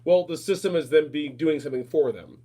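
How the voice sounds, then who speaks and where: Flamboyant male host, rapid casual chat, slightly high voice. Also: mellow. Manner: fast, flamboyant, repeats phrases, calls people darling.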